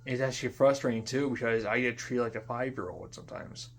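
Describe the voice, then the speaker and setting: Young man, vlog rant, mid-pitched, profane, repetitive, drops to mutters. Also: fairly even intonation, a little fast. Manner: frustrated, profane, repeats himself, trails off into quiet mutters. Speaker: vlogger. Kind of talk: unscripted ranting monologue.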